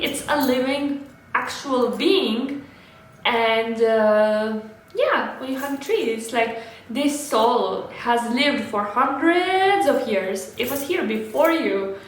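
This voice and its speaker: Young woman chatting to camera, kinda high voice, super echoey room, little hiss behind, restarts a lot. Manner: chatty, restarts often, soft and earnest. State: a little out of breath. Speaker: lifestyle vlogger. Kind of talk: casual talk to camera. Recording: very echoey room, faint background noise.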